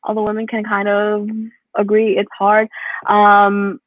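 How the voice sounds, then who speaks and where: A woman's voice: mid-range voice, monotone, unhurried, dry recording. A young woman from New doing a rambling stand-up set, full of fillers and laughing at her own jokes. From New York. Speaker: stand-up comedian. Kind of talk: stand-up set over a video call. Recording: tinny phone-like call audio, dry.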